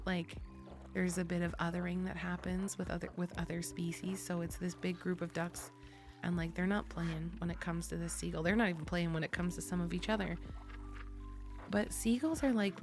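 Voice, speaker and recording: An American woman streaming, chatting casually with viewers, giggly and chatty and loudly excitable. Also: on the low side.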